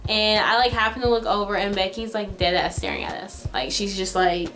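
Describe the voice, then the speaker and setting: A young adult woman tells a story in a chatty, dramatic way and fills her talk with "like". Her voice sits at a middle pitch. Soft music plays faintly behind her. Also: fairly even intonation, brisk. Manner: chatty, dramatic, heavy use of "like". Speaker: vlogger telling a story. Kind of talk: casual storytime.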